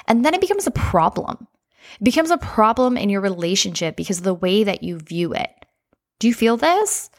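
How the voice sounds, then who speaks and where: A woman life coach hosting a casual podcast monologue, energetic and chatty, often saying "like" and speaking straight to her listeners. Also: mid-range voice, brisk.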